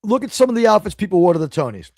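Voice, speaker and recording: A man from New hosts a live stream in a loose, rambling way. He swears freely and turns sarcastic, and his voice sits fairly high for a man. The sound is close and dry, with no room around it. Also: sing-song, very fast, darkish tone, no echo. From New York City. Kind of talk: casual live-stream rant.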